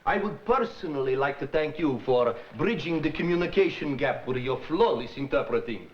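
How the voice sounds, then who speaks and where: A man's voice: a little high, lively intonation, normal speed, lightly acted. An actor playing a courteous Russian father who is formal and polite, hesitating as he searches for English words. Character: courteous Russian father, visiting ballet company head. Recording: dull old TV audio with hiss.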